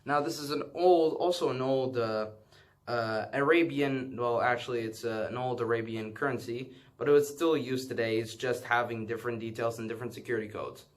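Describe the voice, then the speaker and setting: Man, mid-pitched, casual collection vlog, halting and rambling, lots of uhs. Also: fairly even intonation. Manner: rambling and hesitant, many filler sounds and self-corrections; apologetic about what he does not know. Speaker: vlogger showing his banknote collection. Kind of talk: casual show-and-tell.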